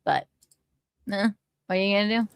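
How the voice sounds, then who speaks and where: A woman's voice: medium pitch, moderate pace, creaky, clear, resonant tone, dry recording, studio quality. A woman hosting a livestream, mocking and blunt with plenty of profanity as she comments on clips. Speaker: livestream host. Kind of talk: profane pop-culture commentary.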